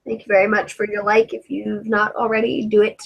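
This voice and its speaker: A woman's voice: medium pitch, level tone, brisk, vocal fry, highs cut off. A woman with an English accent, chatting casually on a livestream as a cosplayer host, ranting animatedly and swearing freely.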